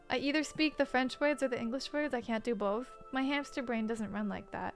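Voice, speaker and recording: A woman's voice: on the high side, fairly quick, few pauses, faint music behind. A woman streamer giving casual, playful commentary with joking asides while playing a game.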